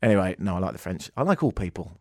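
English guy on the radio, rambling jokey story, bouncy lively pitch, pretty dry close sound. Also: racing, no echo. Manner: jokey, self-mocking storyteller. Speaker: radio show host. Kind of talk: casual rambling radio monologue. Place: radio studio.

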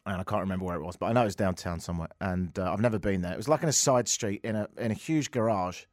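A man's voice: low-pitched, racing, no echo, clean studio sound. A man telling a comic story, sardonic and given to ranting outbursts. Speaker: comedian. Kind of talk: stand-up anecdote.

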